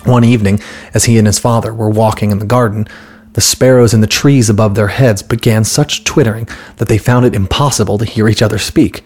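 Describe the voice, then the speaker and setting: A man reading a fairy tale aloud in a calm, steady storybook narration, with light voices for the characters. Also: lowish voice, brisk, breathy edge, faint music behind.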